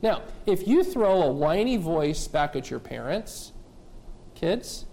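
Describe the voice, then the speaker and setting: Male pastor, high voice, emphatic sermon, lots of rhetorical questions. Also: sing-song, slow, vocal fry, dark tone. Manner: addresses kids and adults directly.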